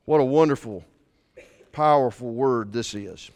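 A man preaching a sermon, swinging from fervent, raised delivery to quiet asides while reading scripture. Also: mid-range voice, measured pace, long reverb tail. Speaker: pastor.

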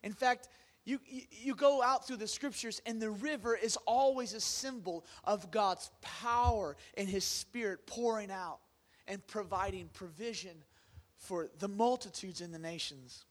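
A man with a high voice delivers a sermon. He talks to the congregation like a conversation and asks them questions. He swings between loud, excited bursts and quiet, hushed lines. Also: measured pace. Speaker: pastor.

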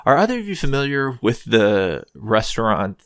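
A man's voice: medium pitch, sing-song, moderate pace, a bit bright, no room sound, clean studio sound. A man hosting a casual podcast chat, thinking aloud in a rambling, hesitant way with many ums and restarts.

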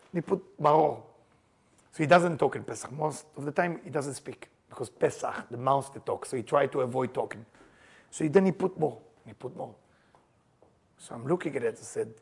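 A man's voice: fairly high pitch, gravelly, husky. A man teaching a group about the Passover seder. He tells stories with humor, laughs often, and raises his voice for emphasis. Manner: animated storyteller, laughs and jokes, shouts for emphasis. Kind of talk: lively teaching talk to a group.

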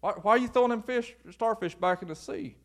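A man's voice: extremely high pitch, fairly quick, creaky, pitched above the performer's own voice. A man preacher voicing a scornful man lounging on a beach who mocks a stranger. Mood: scoffing. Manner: mocking, incredulous.

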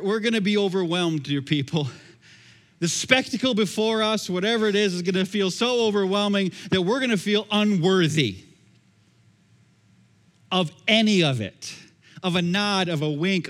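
A man's high, slightly bright voice carries through a church sanctuary's long hall reverb as he preaches as pastor. His sermon is conversational, built around repeated phrases.

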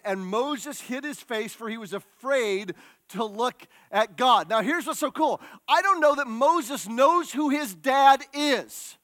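A man preaching a sermon in a lively, humorous storytelling way with quick restarts. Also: very high voice, no echo, clean studio sound.

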